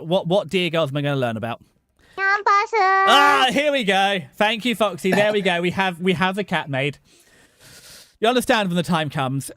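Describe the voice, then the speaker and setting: A young British man hosting a livestream, rambling and joking excitably with many restarts. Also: a little high. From Britain. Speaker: VTuber streamer host. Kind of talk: casual livestream chat.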